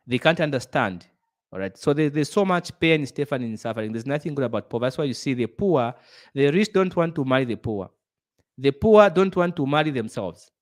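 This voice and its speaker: A man's voice: mid-range voice, a little mellow. A middle-aged man giving a motivational business talk, earnest and preachy, repeating phrases for emphasis. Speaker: business speaker.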